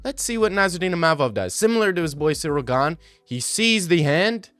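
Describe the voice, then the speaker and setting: A young man in his twenties giving casual, animated and mocking commentary over fight replays. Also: a little high, brisk, clear, resonant tone, dry recording. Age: 20s. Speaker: video commentator.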